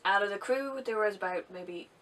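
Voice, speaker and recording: A woman's voice: mid-range voice, moderate pace, a bit bright. A young woman with an Irish accent, chatting casually to camera as a travel vlogger, rambling a little with ums and restarts. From Ireland. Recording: distant mic with faint background noise.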